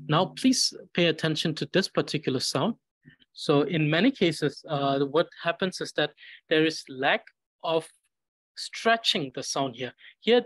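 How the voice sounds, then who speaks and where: Male language teacher, unhurried, dry close sound, drills syllables patiently. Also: fairly high pitch, a bit bright, no room sound, rough recording. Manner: slow, patient, repeats syllables for practice. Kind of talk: pronunciation lesson.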